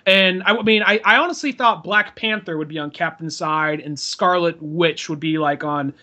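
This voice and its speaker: A man's voice: on the high side, normal speed, pushed and bright. A man co-hosting a podcast in casual chat, giving meandering opinions. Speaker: podcast co-host.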